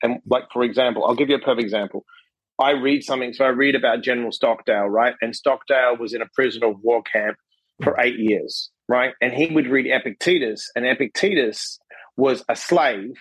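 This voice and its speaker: A man guest on a podcast telling a personal story in casual conversation, animated and acting out what people said, often tagging his lines with a question. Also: medium pitch, brisk, breathy edge, no room sound, low-quality recording. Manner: animated, acts out quotes, frequent "right?" tags. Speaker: podcast guest, author and coach.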